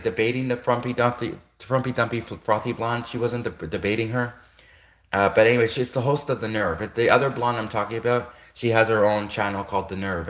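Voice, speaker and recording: A livestream host rants casually in an echoey room, rambling and repeating himself, often correcting himself mid-thought and chuckling. His voice is fairly low in pitch with a fairly bright tone.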